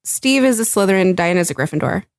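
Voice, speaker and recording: A woman's voice: on the low side, expressive, fast talker, dry recording, clean studio sound. A woman co-hosting a podcast, chatting casually, teasing her co-host and laughing often. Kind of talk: casual chat.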